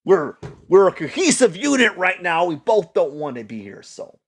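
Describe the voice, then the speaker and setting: A man's voice: high voice, sing-song, normal speed, husky. A man vlogging in a rambling, casual monologue, repeating himself and slipping into mock voices. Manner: restless, repeats words, slips into mock voices. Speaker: YouTube vlogger.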